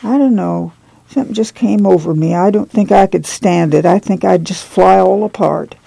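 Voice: mid-range voice, moderate pace, vocal fry, slightly rough, dry recording, low-quality recording. A reader doing a weary, stern farm mother. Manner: quiet, tired, firm.

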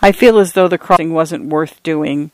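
A gentle, wistful old pioneer grandfather , as a man narrator puts him on, speaking slowly and softly. Audiobook reading, dry and close. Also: a little high, no room sound, lightly acted. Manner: gentle, slow.

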